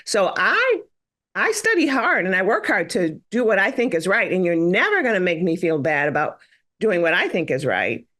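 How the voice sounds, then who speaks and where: A woman's voice: on the low side, sing-song, moderate pace, fairly bright tone. A middle-aged woman physician in a podcast conversation, telling stories with animation and acting out the exchanges she quotes.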